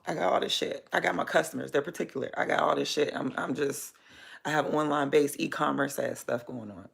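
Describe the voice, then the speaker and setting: A woman talks straight to her camera in a loose, casual vlog, venting about her busy life. Her voice carries a gravelly, fry-heavy texture. She speaks bluntly and swears freely, rambling from one thought to the next. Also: deep voice, a little fast. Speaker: vlogger and small business owner.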